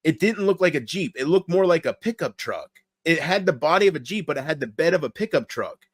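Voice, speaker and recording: A man's voice: fairly high pitch, lively intonation, brisk, dry recording, clean studio sound. A man streaming late at night, reading chat and rambling crudely with lots of swearing. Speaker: livestreamer.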